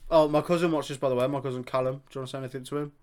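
A young man from Birmingham with a broad Brummie accent hosts a loose podcast chat. He talks fast and swears freely at a middling pitch, with a cheerful teasing edge. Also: steady tone, a little mellow, clean tone. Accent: Birmingham English. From Birmingham, England. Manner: fast-talking, sweary and laughing. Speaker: podcast host. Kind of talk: casual chat.

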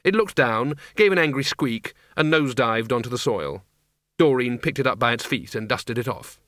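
A man narrating a comic fantasy audiobook in a wry, measured way. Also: mid-range voice, lively intonation, a bit bright, no echo, studio quality.

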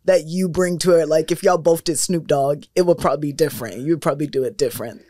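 A podcast co-host in casual chat who chimes in with lively reactions. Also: medium pitch, fast, dry recording, studio quality. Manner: lively reactions and short interjections.

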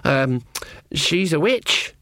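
A man's voice: a little high, expressive, very slow, fairly bright tone, no echo, clean studio sound, voice pushed up, exaggerated voice. A man reading an audiobook, voicing a timid young woman who hesitates and stammers. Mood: nervous.

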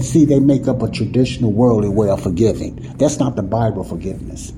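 A man's voice: mid-range voice, brisk, few pauses, background noise. A man teaching the Bible in an informal sermon, talking casually with folksy grammar and often asking if listeners see what he's saying. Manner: repetitive, keeps asking "you see what I'm saying?".

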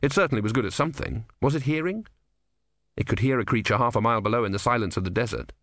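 A man narrating a comic novel as an audiobook, with wry, expressive storytelling. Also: mid-range voice, quick pace, no echo, studio quality. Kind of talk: scripted narration.

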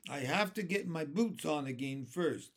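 Casting: a man playing a loud, demanding centipede in a read-aloud storybook, high and drawn-out. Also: animated. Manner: loud and insistent. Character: fussy, demanding male centipede. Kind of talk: reading a children's book aloud.

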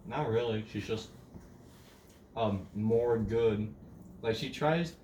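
Man, lowish voice, casual rambling movie chat, echoey room, distant mic, faint hiss. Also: slow pace, a little mellow. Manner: rambling, trails off and restarts. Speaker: podcast co-host.

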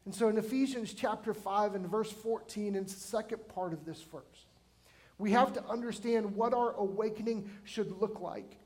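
A man's voice: high-pitched, moderate pace, a little mellow. A man in his forties preaching a sermon to his church, chatty and emphatic, often asking the congregation questions. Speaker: pastor. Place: church sanctuary.

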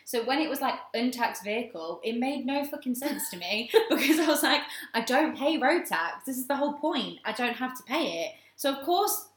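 Bright, lively young woman telling a story. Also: high-pitched, normal speed, few pauses. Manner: animated, laughing, swearing freely. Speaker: podcast co-host. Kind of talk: casual storytelling chat. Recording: echoey room.

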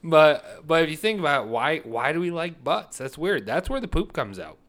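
A man's voice: on the high side, sing-song, normal speed. A man hosting a podcast in casual, crude, joking banter, recorded in one big echoey room. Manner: crude joking, bursts into loud laughter. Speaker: podcast host.

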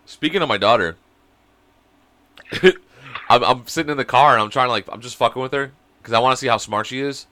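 A young man co-hosting a casual podcast over a video call, sick with a cold, telling animated stories and breaking into high laughter. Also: brisk, long pauses. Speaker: podcast co-host. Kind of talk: casual chat.

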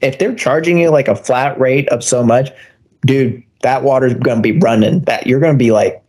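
A man's voice: mid-range voice, moderate pace, darkish tone, slightly rough. A man co-hosting a podcast, laid-back and agreeable in casual chat, laughing often. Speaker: podcast co-host.

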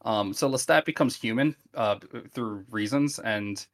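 A podcast co-host in casual chat, telling stories in an animated way, acting out the characters' lines and swearing freely. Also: mid-range voice, unhurried.

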